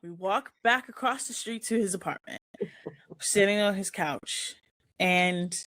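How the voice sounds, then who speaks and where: This chat show host has a mid-range voice and an unhurried pace, recorded dry. Animated as she works through a lengthy story from her own life, she performs each quoted line.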